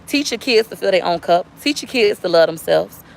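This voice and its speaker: A woman's voice: mid-range voice, animated, brisk, vocal fry. A woman speaking straight to viewers in a casual, preachy livestream chat. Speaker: livestream vlogger.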